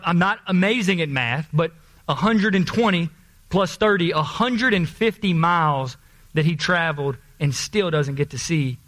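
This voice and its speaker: A man preaching a sermon in a folksy, animated storytelling way, calling out to his congregation. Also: high voice. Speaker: pastor.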